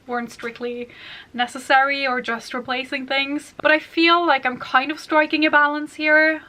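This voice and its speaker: High bright-voiced chatty woman vlogger. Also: little pitch movement, moderate pace. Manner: rambling, casual, many "like" and "kind of" fillers. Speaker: beauty vlogger. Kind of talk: chatty makeup collection vlog.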